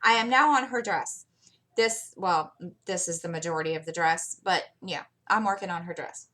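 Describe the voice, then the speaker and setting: A woman's voice: lowish voice, moderate pace, bright, forceful tone. A middle-aged woman hosting her channel, chatting casually and telling rambling stories while she works on a craft. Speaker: channel host.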